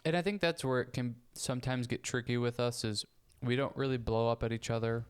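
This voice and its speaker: Podcast co-host, male, smooth clear voice, earnest and casual, swears now and then. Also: medium pitch, steady tone, fairly quick. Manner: earnest, reasoning with sports comparisons, casual swearing. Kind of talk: casual conversation.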